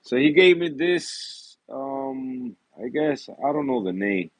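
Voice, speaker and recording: A man's voice: medium pitch, animated, slow, no echo. A man in a casual, rambling vlog about his reef tanks, full of fillers, easy laughs and repeated apologies. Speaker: reef tank hobbyist vlogger. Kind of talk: casual chat.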